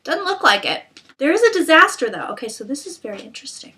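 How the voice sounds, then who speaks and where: A woman's voice: sits high, very animated, quick pace, pushed and bright. A woman reading tarot cards in a casual monologue, blunt and irreverent, with frequent fillers and restarts. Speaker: psychic tarot reader.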